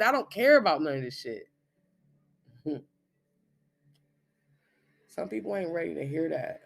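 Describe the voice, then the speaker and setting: A man's voice: a little high, big pitch swings, unhurried, vocal fry, long pauses. A man in his thirties, a spiritual reader, giving a blunt, profane, emphatic monologue. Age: 30s.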